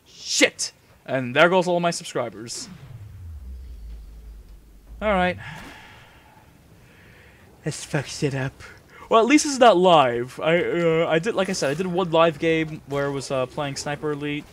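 A man's voice: fairly high pitch, expressive, moderate pace. A young man giving casual, rambling commentary over his gameplay, self-deprecating and swearing freely. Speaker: gaming channel host.

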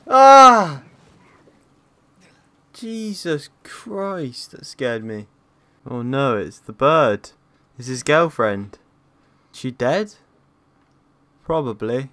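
A young man playing through a horror game and talking to himself as he goes. He speaks slowly and drags out his reactions, then swears and yelps at every scare. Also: medium pitch, animated, a bit bright, dry recording. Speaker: gaming YouTuber. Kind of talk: horror gameplay commentary.

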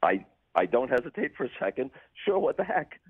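An older broadcaster telling dry, wry anecdotes with deadpan punchlines as a radio show guest. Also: male voice, mid-range voice, fairly quick, slightly rough, no room sound, phone-quality sound. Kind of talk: storytelling in a radio interview.

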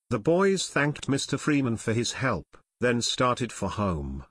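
Male audiobook narrator, steady, mid-pitched, dry close studio sound. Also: takes it slowly, hardly any pauses, breathy edge, no echo. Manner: steady storytelling. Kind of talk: scripted narration.

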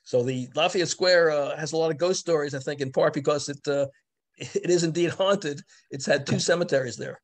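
A man, an author and historian, giving a virtual book talk over a video call. He speaks haltingly, with frequent restarts and fillers. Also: fairly high pitch. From the Bronx, New York.

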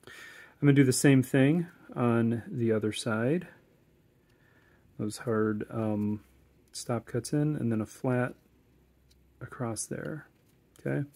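Male woodcarving instructor, casual and chatty, medium voice, home tutorial. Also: medium pitch. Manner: relaxed, chatty, corny jokes, many fillers.

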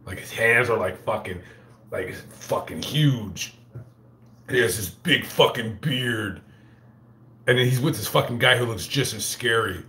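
A man hosting a casual livestream, telling a profane, rambling story full of halting restarts. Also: medium pitch, bright, forceful tone, echoey room, a little hiss or hum. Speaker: livestream host reading super chats.

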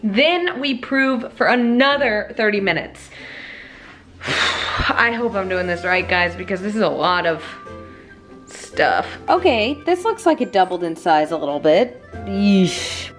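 A woman's voice: mid-range voice, lively intonation, measured pace, fairly bright tone, faint music behind. A woman vlogger chatting casually as she bakes in her home kitchen, joking and laughing at herself often. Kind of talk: casual baking vlog chat.

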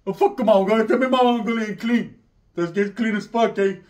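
A fairly high-voiced man working through a comedic story in a profane, slangy monologue. He talks in animated bursts and drops into low, muttered voices whenever he quotes other people. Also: a little fast.

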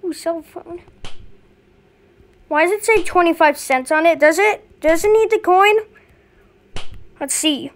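Let's play host: woman, very high voice, unhurried, panicky and excitable. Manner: excitable, panicky, yelling in fright. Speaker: gameplay commentator.

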